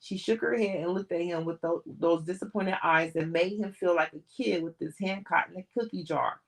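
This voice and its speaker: A woman's voice: lowish voice, normal speed, vocal fry, poor audio. A woman reading a novel aloud on a live stream, with small slips and restarts. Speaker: audiobook reader.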